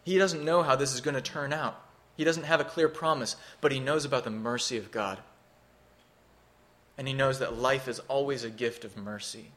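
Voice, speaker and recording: A man's voice: medium pitch, steady tone, moderate pace, a bit bright. A man preaching a sermon, teaching through a scripture passage in an earnest, expository way, rising for emphasis.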